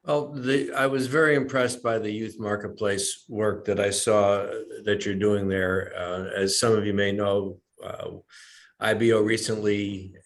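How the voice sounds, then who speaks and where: A man speaking as a panel participant over a video call, measured with hesitant fillers. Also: lowish voice, flat delivery.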